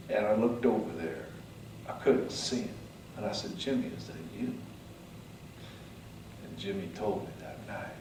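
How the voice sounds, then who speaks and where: A man's voice: on the low side, recorded from a distance, background noise. Dramatic male motivational speaker in echoey hall. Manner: dramatic storytelling, swings from hushed to loud. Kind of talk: motivational speech. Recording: echoey hall, mic from afar.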